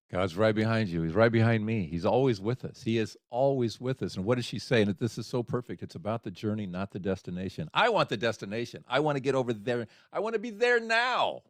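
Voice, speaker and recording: A man hosting a faith talk show, animated and swinging from quiet remarks to exclamations. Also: lowish voice, fairly quick, dry recording, studio quality. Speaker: radio show host. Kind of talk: conversational interview.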